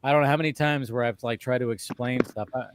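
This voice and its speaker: A man hosting a casual chat, telling animated stories with frequent laughter and restarts. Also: mid-range voice, quick pace, noisy background. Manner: animated storyteller, laughs often, many restarts. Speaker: podcast host.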